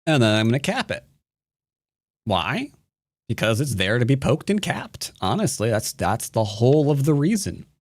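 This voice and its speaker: A jokey man walks viewers through his moves in live-streamed game commentary. His voice swoops high and low as he clowns around. The sound is dry, with no room around it. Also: very animated, normal speed, dry recording. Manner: playful, jokey, breaks into silly sing-song nonsense. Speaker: Go teacher.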